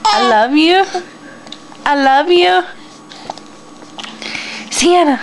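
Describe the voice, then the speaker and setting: High, slow sing-song mother's baby talk. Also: animated, a bit bright, slight background noise, rough recording. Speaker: mother talking to her baby. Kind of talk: home video baby talk.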